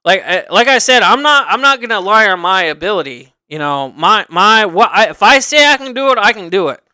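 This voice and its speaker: A man talks off the cuff on his livestream in a high, smooth, resonant voice. He rambles and circles back to repeat his points, earnest and a little self-justifying. The sound is dry and close. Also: animated, fairly quick, sharp tone, dry recording. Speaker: livestream host. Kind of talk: casual unscripted chat.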